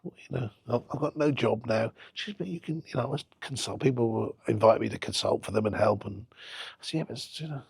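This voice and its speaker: A middle-aged man who owns a football club talks fast in a creaky mid-range voice with a breathy edge, on a dry recording. During a casual interview he tells animated anecdotes, acting out the conversations he remembers.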